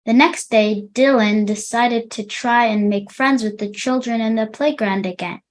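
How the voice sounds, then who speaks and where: A young woman teaching English to children, reading a storybook aloud and pausing to explain words. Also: a little high.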